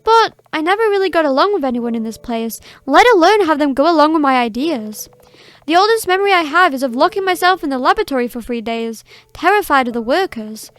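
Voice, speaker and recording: A woman's voice: sits high, lively intonation, a little fast, a bit bright, no echo. A woman voicing a cheerful, morbid immortal young girl, reading video game dialogue in a sweet, teasing manner. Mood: reflective. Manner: sweet, teasing, unbothered by death.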